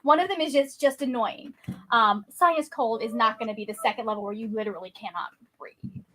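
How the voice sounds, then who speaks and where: A woman co-hosting a livestream in animated casual chat, laughing a lot and reassuring the host. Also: a little high, a little fast, slight background noise.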